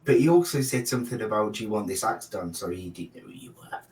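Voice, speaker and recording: Hesitant player, lowish voice, distant mic. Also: male voice, animated, fast talker, a little mellow. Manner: hesitant, searching for words. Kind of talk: casual tabletop play.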